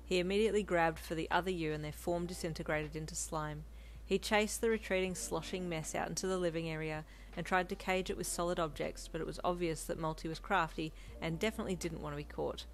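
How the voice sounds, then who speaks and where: A woman narrating her own fanfiction in a steady, gentle storytelling voice. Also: fairly low pitch, fast talker, hardly any pauses. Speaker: fanfiction reader. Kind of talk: scripted narration.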